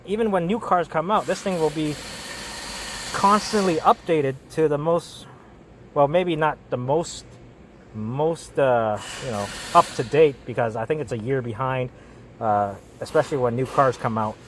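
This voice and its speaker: A man's voice: on the high side, a little slow, a little hiss or hum. A man working as a mechanic, giving casual how-to narration while he works, rambling and often repeating words and restarting. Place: auto repair shop.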